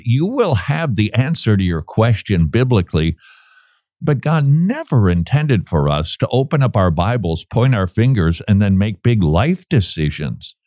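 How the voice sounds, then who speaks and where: A man hosts a casual commentary show, sarcastic and quick to laugh. His pitch leaps up and down as he mocks and then turns serious. The recording is close and dry. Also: no room sound. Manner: sarcastic, animated, laughs often. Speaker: podcast host.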